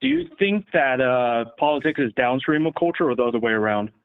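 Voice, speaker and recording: Measured thirties man on a phone line. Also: medium pitch, very animated. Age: 30s. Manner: measured, asks questions back. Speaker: caller. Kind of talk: calm debate on a call-in show.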